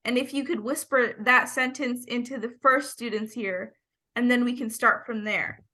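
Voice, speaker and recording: A woman's voice: a little high, fairly even intonation, moderate pace, bright, forceful tone. A woman teacher giving patient, step-by-step classroom instructions over a video call.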